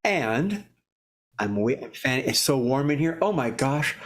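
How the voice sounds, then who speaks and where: A man's voice: medium pitch, sing-song, a little slow. A man hosting a live improv comedy show, rambling and joking with lots of restarts. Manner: rambling, jokey, many restarts. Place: warm indoor studio.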